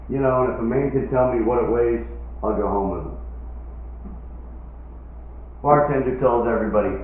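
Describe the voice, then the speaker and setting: A man's voice: on the low side, fairly quick, pauses often. A middle-aged man performing a stand-up comedy set, telling jokes in a punchy way and acting out the voices in them. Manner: punchy joke delivery, acting out quoted voices. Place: outdoor stage with live crowd. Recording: echoey lo-fi phone-like recording of a live show.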